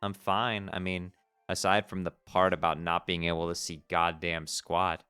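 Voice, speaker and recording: A man voicing a weary, blunt teenage troll boy, in a low, flat, mumbled read. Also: moderate pace, smooth, no room sound, soft background music.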